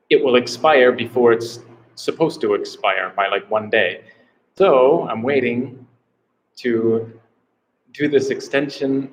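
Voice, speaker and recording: A man's voice: mid-range voice, slight background noise, low-quality recording. An American man chatting casually on a live stream from a small room, rambling and unsure, often repeating himself. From United States. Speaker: travel vlogger doing a live Q&A.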